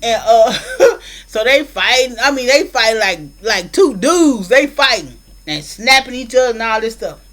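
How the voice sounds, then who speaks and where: A woman's voice: fairly high pitch, lively intonation, unhurried, fairly bright tone, rough recording. A woman casually retelling a movie plot, rambling with many fillers and acted-out quotes, with features. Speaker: film reviewer.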